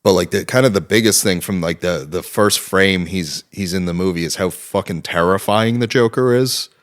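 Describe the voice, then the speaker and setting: A young man, a guest in a casual interview, telling a story with animated energy and a lot of cursing. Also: deep voice, moderate pace. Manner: animated storytelling, heavy swearing.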